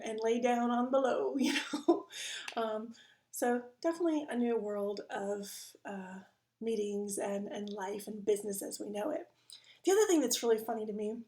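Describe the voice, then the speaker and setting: A woman's voice: on the high side, a little mellow. A middle-aged woman telling funny stories to the camera from home in a casual stand-up style, laughing at her own jokes. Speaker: comedian.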